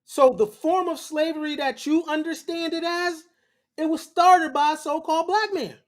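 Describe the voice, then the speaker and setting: High-voiced, blunt, slangy man. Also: fairly even intonation, normal speed. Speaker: host. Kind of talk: lecture-style commentary.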